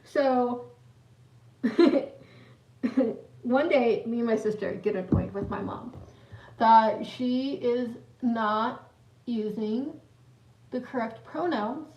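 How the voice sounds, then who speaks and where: On a livestream, a young woman with a somewhat high, darkish voice tells a rambling story, laughing as she goes and greeting people in the chat. Her sound is dull and lo-fi, picked up by a distant mic in an echoey room.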